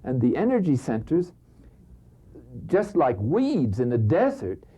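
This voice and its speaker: An older man, a priest, giving a spiritual talk full of anecdotes, telling them with gusto, chuckling and sometimes dropping to a hush. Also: mid-range voice, measured pace, slightly rough. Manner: lively storytelling, chuckles, drops to a hush for emphasis. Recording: dull lo-fi recording.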